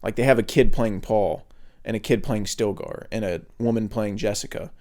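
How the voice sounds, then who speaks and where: A podcast co-host chats casually, rambling along with plenty of fillers and restarts. His voice is lowish and dark in tone, moving at a normal speed.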